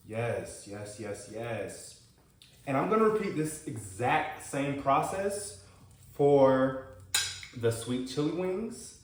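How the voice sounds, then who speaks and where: A man hosting a casual cooking vlog, chatty and calling his viewers y'all, sinking to low murmurs as he tastes the food. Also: big pitch swings, slow pace, a little hiss or hum. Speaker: cooking show host. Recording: very echoey room, far from mic, music behind.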